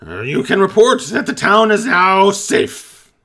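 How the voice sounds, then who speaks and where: Goblin captain, male, pompous and loud, voiced by a man, sharp bright tone. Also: high-pitched, very animated, a little slow, creaky, pitched above the performer's own voice, heavily acted. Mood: proud. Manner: bellowing, self-important proclamations.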